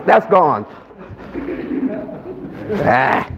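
A man's voice: high-pitched, very animated, moderate pace. A male preacher delivering a sermon to a live congregation, mixing playful joking asides with call-and-response. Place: church service with a live congregation. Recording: slightly dull recording, faint background noise.

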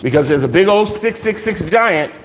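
A man's voice: high-pitched, lively intonation, moderate pace, lo-fi sound, slight background noise. A man preaching a sermon in a conversational way, checking in with the congregation with frequent "okay?". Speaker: pastor.

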